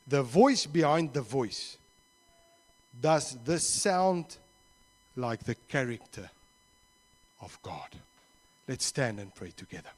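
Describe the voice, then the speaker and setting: A man's voice: mid-range voice, very animated, slow, long pauses. A man with a South African accent preaching a sermon in church and leading a closing prayer, speaking earnestly and acting out little conversations. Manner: earnest, acts out little dialogues, slips into Afrikaans phrases. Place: church service.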